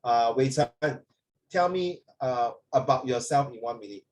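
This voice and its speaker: A man's voice: mid-range voice, lively intonation, normal speed, a little mellow. A man teaching an online English class over a video call, joking with the pupils and mixing English with Chinese. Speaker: English tutor.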